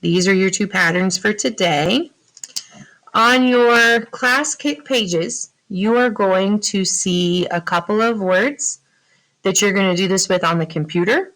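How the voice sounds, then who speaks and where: This rough recording captures a woman with a mid-range, fairly bright voice leading young children through a phonics lesson. She moves slowly and patiently, asking questions and supplying the answers herself.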